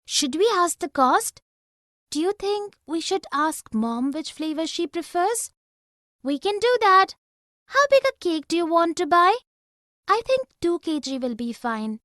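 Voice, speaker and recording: A woman reading the lines of a short scripted dialogue with bright, exclamatory delivery. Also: very high voice, sing-song, measured pace, no room sound, studio quality. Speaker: dialogue reader.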